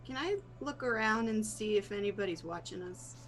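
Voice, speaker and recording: A woman playing a tabletop game, asking quick questions and calling out her rolls. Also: mid-range voice, animated, fairly bright tone. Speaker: player. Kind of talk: casual tabletop play.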